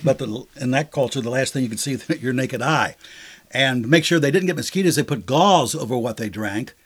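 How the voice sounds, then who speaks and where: A man's voice: medium pitch, a little fast, breathy edge. Man explaining scripture in casual chat. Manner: explains scripture conversationally, acts out sarcastic lines with fillers. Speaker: Bible study co-host. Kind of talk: casual Bible discussion.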